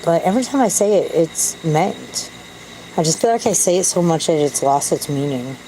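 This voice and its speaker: A woman's voice: low voice, lively intonation, normal speed, warm tone, slight background noise, rough recording. A woman talking to camera in a candid, self-deprecating, rambling way. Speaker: vlogger. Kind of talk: casual rambling monologue.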